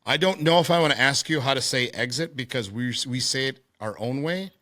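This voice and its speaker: A man's voice: medium pitch, fairly quick, pushed and bright, no room sound, clean studio sound. A young man hosting a podcast in casual chat, laid-back and saying dude and man a lot. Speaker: podcast host.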